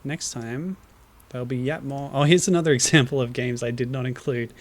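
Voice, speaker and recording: A man's voice: mid-range voice, a little fast. A tired man in casual gameplay commentary, making wry, dry jokes and chuckling at the game. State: tired, low energy. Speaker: streamer.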